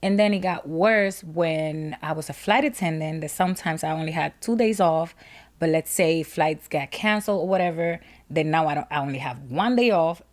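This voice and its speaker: A woman's voice: sits low, moderate pace. A woman guest in a casual chat, playful and sassy, acting out the people in her stories. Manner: playful, sassy storyteller who acts out voices. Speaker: guest, makeup entrepreneur.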